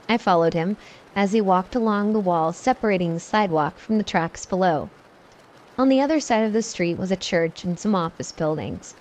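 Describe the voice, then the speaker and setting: A woman narrating a first-person scary story in a steady, matter-of-fact way. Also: lowish voice. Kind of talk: scripted horror story narration.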